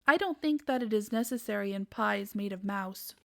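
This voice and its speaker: A woman's voice: mid-range voice, moderate pace, vocal fry, sharp tone. A woman voicing a prim, genteel female cat hosting tea in a storybook, speaking with polite formality. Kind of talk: storybook read-aloud.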